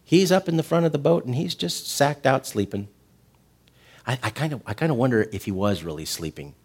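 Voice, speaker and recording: A middle-aged man preaching a sermon, animated, rising to loud emphatic peaks and falling to soft, tender passages. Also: mid-range voice, a little fast, slightly rough. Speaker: pastor.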